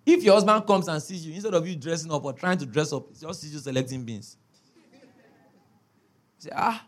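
A man's voice: fairly high pitch, brisk, pauses often. A man preaching a sermon as a pastor, emphatic, repeating key words and checking in with his listeners.

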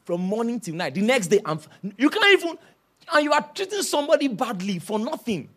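A male preacher delivers a sermon with a high voice that swings widely in pitch. His tone is bright and forceful, and he tells his stories with plenty of animation. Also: brisk, slightly rough. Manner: animated storytelling, shouting and laughing.

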